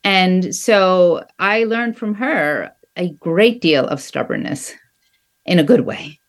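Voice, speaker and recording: A woman in her sixties, an author being interviewed, speaking in a thoughtful, earnest, measured way. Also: fairly low pitch, animated. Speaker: author guest. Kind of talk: interview conversation.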